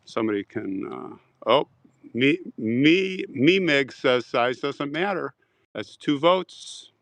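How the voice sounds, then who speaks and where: A man on a live outdoor stream, chatting casually and joking with his viewers, now and then clearing his throat. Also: mid-range voice, a bit bright, a little hiss or hum, poor audio. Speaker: vlogger reading live chat. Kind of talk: casual live-stream chat while walking a cemetery. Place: outdoor cemetery.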